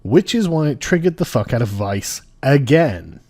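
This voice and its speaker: Male vlogger, medium pitch, crude, mocking, chuckling commentary delivery. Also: sing-song, normal speed, few pauses, dark tone. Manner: profane, sarcastic, laughs often. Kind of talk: casual political commentary reacting to clips and articles.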